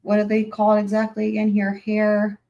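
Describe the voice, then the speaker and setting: A woman's voice: mid-range voice, monotone, moderate pace, creaky, warm tone, lo-fi sound. A woman giving casual commentary while reading through case documents, thinking aloud with fillers and restarts and dropping wry, sarcastic asides. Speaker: true-crime commentator.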